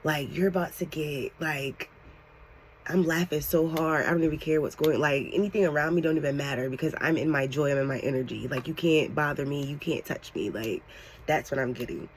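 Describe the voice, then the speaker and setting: A woman giving a channeled tarot reading to her viewers, excitable and animated, talking casually with lots of slang and "like". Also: deep voice, a little fast, slight background noise. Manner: excitable, animated, fills talk with "like". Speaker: tarot reader.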